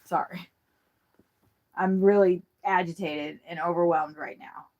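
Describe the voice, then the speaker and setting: A woman chatting casually on a livestream from inside her RV, frazzled and swearing often, talking in quick, scattered bursts. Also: on the low side, fairly even intonation, highs cut off.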